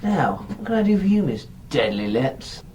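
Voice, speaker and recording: A woman's voice: very deep voice, big pitch swings, moderate pace, warm tone, slight background noise. A woman voicing a pompous, condescending severed head of a male cemetery landlord.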